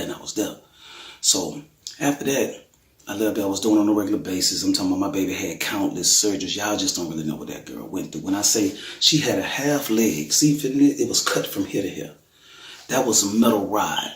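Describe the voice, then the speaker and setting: Earnest man telling testimony, echoey room. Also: deep voice. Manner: colloquial and earnest, acts out quotes with excited bursts. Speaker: father telling his daughter's testimony. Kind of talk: emotional testimony storytelling.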